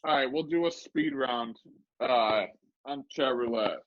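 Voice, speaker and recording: A man's voice: medium pitch, measured pace. Man making offhand remarks, muffled sound. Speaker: co-host. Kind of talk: casual livestream chat.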